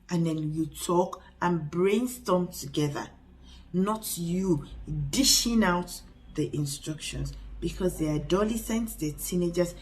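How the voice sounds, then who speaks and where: A woman's voice: fairly low pitch, a little mellow, a little hiss or hum. Earnest woman giving parenting advice. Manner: earnest, with frequent restarts and pauses. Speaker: parenting channel host. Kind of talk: casual advice talk to camera.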